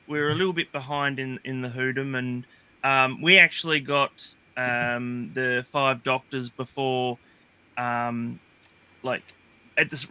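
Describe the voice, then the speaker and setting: A man's voice: a little high, pushed and bright, smooth, dry recording. A man on a livestream, chatting casually and rambling with many fillers and restarts. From Australia. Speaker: guest. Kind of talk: casual chat. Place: livestream call.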